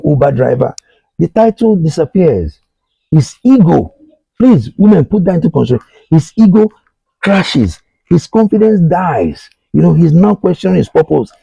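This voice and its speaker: A middle-aged Nigerian man hosts a talk show, speaking directly to his listeners with earnest advice and repeating his points. His voice is a little high, creaky, mellow and husky. The recording is dry with the highs cut off.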